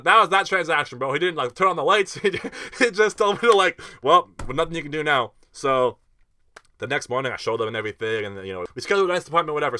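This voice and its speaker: A young man telling a festival story in a casual vlog, animated and slangy, with lots of fillers and swearing. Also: medium pitch, clean tone, no echo, clean studio sound.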